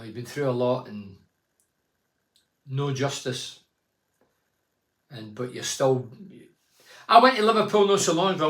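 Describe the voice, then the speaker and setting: A man's voice: medium pitch, fairly bright tone. A man in his sixties hosting a casual phone-in, reading out fans' messages and telling stories from his playing days. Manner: chatty storytelling, reads fans' messages aloud. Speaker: phone-in show host and former footballer. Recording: echoey room.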